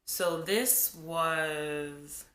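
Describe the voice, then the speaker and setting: Young jersey woman doing a storytime vlog, chatty and animated, got a cold, echoey room on camera mic. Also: low voice, extremely slow. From New Jersey, USA. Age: 20s. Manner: animated, chatty, talks straight to viewers. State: has a cold. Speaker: vlogger.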